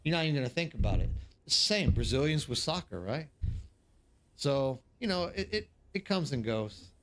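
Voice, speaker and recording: Very animated, a man with a slightly high, fairly bright voice talks at a normal speed as he hosts a live stream. Based abroad in South Korea, he chats casually with viewers, spinning rambling anecdotes with plenty of fillers and restarted sentences.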